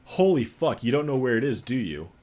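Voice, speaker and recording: A man voicing a crude police sergeant who loudly mocks a colleague. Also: medium pitch, sing-song, brisk, natural voice. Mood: mocking. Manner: jeering, loud, crude. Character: mocking loud male police sergeant.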